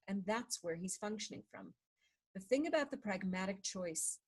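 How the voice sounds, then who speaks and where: A woman reading a book aloud in a measured way, slowing down on repeated chant-like refrains. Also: mid-range voice, breathy edge, poor audio. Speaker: reader of a book.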